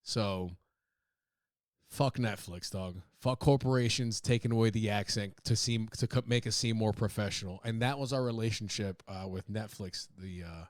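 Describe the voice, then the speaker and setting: A man's voice: fairly low pitch, moderate pace, no echo, studio quality. Rambling, cussing man on a podcast. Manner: profane, rambling, laughs at own jokes. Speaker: podcast host. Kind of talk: casual comedic monologue.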